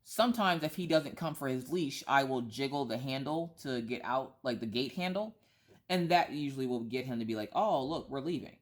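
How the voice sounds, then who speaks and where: A woman's voice: a bass voice, animated, moderate pace. A woman in her thirties who vlogs, chatting and telling a rambling story full of asides and restarts. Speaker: vlogger. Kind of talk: casual storytelling chat.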